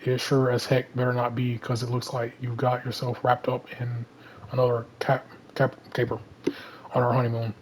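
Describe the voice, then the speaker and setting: Man reading sharp-tongued Southern heroine, flat drawl, comic read-through. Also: medium pitch, normal speed, slight background noise, natural voice, poor audio. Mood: scolding. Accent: Southern American. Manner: reads plainly, half in his own voice.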